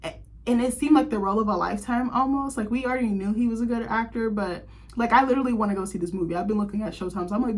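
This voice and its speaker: A woman's voice: fairly high pitch, rapid-fire. Gushing chatty young woman. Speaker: host. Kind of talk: casual chat.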